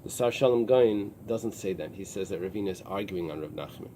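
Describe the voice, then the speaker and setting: A man teaching a Talmud class, pausing and restarting often as he explains the text. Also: sits low, background noise. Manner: explains in halting restarts with many fillers. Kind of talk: early-morning Talmud class. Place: synagogue study room with a small group.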